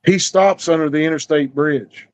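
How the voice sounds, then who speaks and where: A man's voice: on the high side, normal speed. A middle-aged man telling a story in a folksy, drawling way, acting out the dialogue. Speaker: storyteller guest. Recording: dull lo-fi recording.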